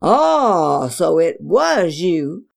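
Stern storybook father who barks accusations, read by a woman with a gravelly voice. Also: on the high side, very animated, very slow, heavily acted. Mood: angry. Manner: barking, accusing. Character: stern angry village father.

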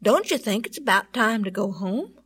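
A woman voicing a tall, kind male policeman who speaks with slow, gentle, reassuring firmness. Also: medium pitch, expressive, husky, voice pushed down. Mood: kindly.

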